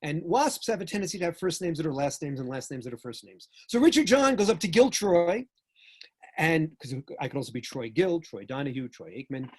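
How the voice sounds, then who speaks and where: An older man from New York with a New York accent, giving a joking, animated talk with sudden jumps in loudness. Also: fairly high pitch, a little fast, breathy edge. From United States. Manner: animated storyteller, jokey, swings between loud and soft. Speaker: speaker. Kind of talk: lecture talk.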